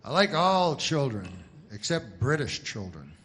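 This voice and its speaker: A man doing a stand-up set, deadpan and halting, with many false starts. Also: medium pitch, a little hiss or hum. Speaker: stand-up comedian.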